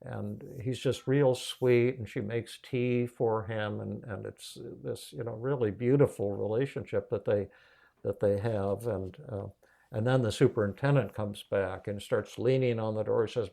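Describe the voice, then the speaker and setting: A man hosting a podcast, telling a story in a casual, animated way with many restarts. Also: fairly low pitch, unhurried, vocal fry. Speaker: podcast host and psychiatrist.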